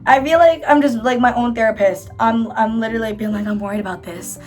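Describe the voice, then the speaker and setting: Rambling young woman, higher voice. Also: fast, faint music behind. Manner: rambling, filler-heavy, self-reassuring; doing her makeup while talking. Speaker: YouTuber. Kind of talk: casual confessional chat to camera.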